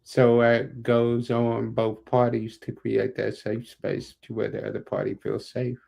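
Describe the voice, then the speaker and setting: A man's voice: mid-range voice, level tone, unhurried, vocal fry, darkish tone. A man co-hosting a podcast, talking emphatically and repeating his points. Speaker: podcast co-host and executive producer. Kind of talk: casual podcast chat.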